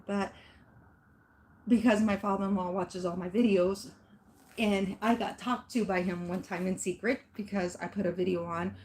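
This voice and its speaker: A woman's voice: medium pitch, a little mellow, slight background noise. A middle-aged woman, a fitness vlogger, telling a personal story in casual chat and speaking straight to her viewers with emphasis. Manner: emphatic, addresses viewers directly.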